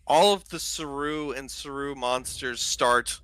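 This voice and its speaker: A man's voice: medium pitch, a little slow, fairly bright tone, clear, resonant tone, no echo. A man narrating as game master of a tabletop game, loose and rambling with many fillers.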